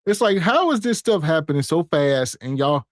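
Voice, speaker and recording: A man's voice: on the high side, big pitch swings, normal speed, no room sound, studio quality. A man co-hosting a podcast, reading viewer comments out in a laid-back, wry way. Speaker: podcast co-host.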